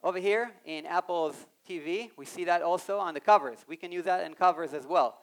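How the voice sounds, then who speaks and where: A man giving an animated live talk on a conference stage, speaking straight to the audience and acting out quoted voices. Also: sits high, fairly quick. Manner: animated, addresses the audience directly.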